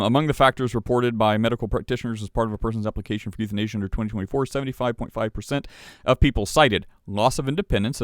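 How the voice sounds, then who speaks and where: A male podcast host with a voice on the low side reads news articles aloud during casual livestream commentary, adding asides and putting on mock voices for the people quoted. The sound is clean studio audio with no room tone.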